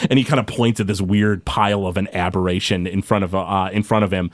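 A man's voice: lowish voice, fast, hardly any pauses, no room sound. A man running a tabletop game as game master, narrating loosely with many fillers and restarts. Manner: loose, full of fillers and restarts, laughs often.

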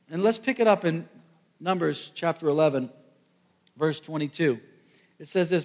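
A man preaching a sermon to a congregation, telling a Bible story with lively asides and jokes. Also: fairly high pitch, normal speed, pauses often, long reverb tail. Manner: animated storytelling, jokey asides. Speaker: pastor.

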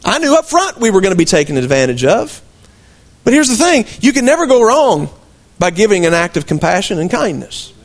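A male pastor delivers a sermon, his fairly high voice swinging widely in pitch. He talks to the congregation conversationally, tossing out rhetorical questions and folksy, teasing asides. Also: very animated, a little fast.

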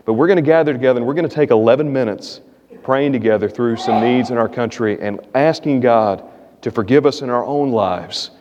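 A man's voice: a little fast, a little mellow. A man preaching a sermon as pastor, earnest, lifting his voice when he reads scripture aloud. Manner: earnest preaching, rises in pitch reading scripture. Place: church sanctuary. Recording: echoey hall, muffled sound.

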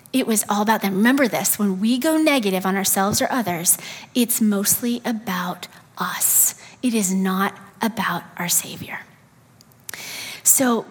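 Female preacher, husky tone, earnest sermon delivery with soft emphatic asides. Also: a little high. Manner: earnest, acts out quoted complaints, drops to soft emphatic asides. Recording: long hall reverb.

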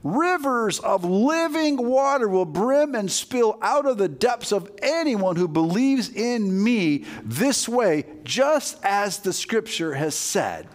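A preacher voicing Jesus, crying out slowly and loudly to a crowd. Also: male voice, high voice, very animated. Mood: proclaiming. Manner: loud, proclaiming, slow and drawn out.

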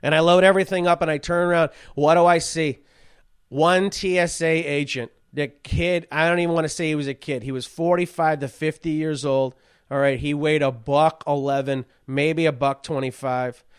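Man, high voice, podcast host, profane, ranting, comic storytelling. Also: fairly even intonation, moderate pace, clear, resonant tone. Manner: profane, ranting, with shouted outbursts. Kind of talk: comedic rant and storytelling.

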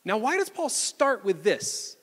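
A male pastor preaching a sermon in a church, reading scripture aloud and explaining it with animated delivery. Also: sits high, measured pace, in a large hall. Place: church sanctuary.

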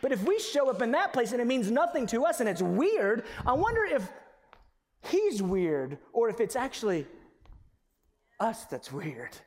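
A man preaching a passionate sermon, swinging from loud proclamation to hushed storytelling. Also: extremely high pitch, huge pitch swings, a little slow, big-room sound.

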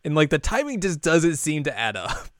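A young man co-hosting a casual podcast, recapping an anime in a rambling, animated way and now and then jumping into high character voices. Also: normal speed, no room sound, clean studio sound. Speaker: podcast co-host.

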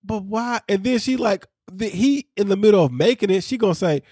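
A man hosting a casual recap podcast, talking in an animated way, laughing and quoting people as he tells the story. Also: high-pitched, normal speed, no echo, clean studio sound. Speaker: podcast host.

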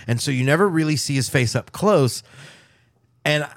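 A man's voice: on the high side, expressive, moderate pace, no room sound, clean studio sound. A man chatting casually on a podcast, laughing often and swearing as he tells rambling stories.

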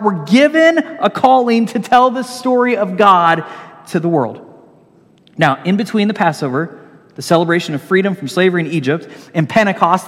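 A man preaching a sermon, telling stories with animated swings between loud and hushed delivery. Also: high-pitched, big-room sound. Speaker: pastor.

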